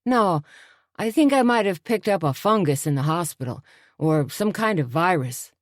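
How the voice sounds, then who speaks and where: A woman puts on a scruffy, dim-witted schemer with a folksy, slangy drawl, pitched up above her own voice. He sounds lively and sure of himself. The audiobook recording is dry and close. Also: normal speed, no echo, lightly acted. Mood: whiny.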